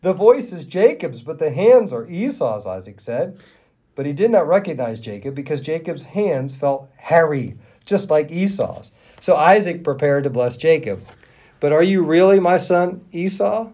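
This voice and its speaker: A man with a somewhat high but soft, mellow voice reads scripture aloud on a podcast. He shares the reading with a co-host and gives the quoted speech an expressive lift. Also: normal speed, slightly rough. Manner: expressive reader who lifts his voice for quoted speech.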